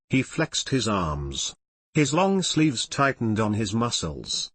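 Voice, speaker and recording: Male narrator for a fan fiction audiobook; animated and expressive, dry read. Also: fairly low pitch, takes it slowly, slightly rough, no echo. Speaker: reader.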